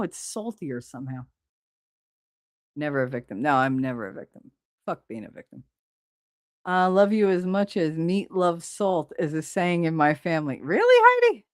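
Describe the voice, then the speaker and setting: A woman's voice: fairly low pitch, dry recording, clean studio sound. A middle-aged woman hosting a live stream, chatting casually and bluntly, swearing freely while she reads viewers' comments.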